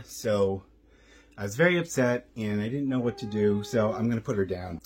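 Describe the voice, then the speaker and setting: A man's voice: lowish voice, normal speed, slightly rough. A man talking casually at home on his vlog about his rescue cats, chatty and repeating himself. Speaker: vlogger and cat rescuer.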